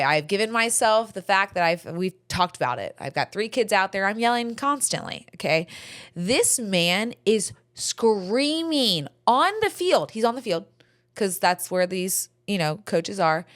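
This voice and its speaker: A middle-aged woman hosting a podcast, telling stories in casual chat, animated and frank, swearing freely. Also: mid-range voice, normal speed. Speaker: podcast host.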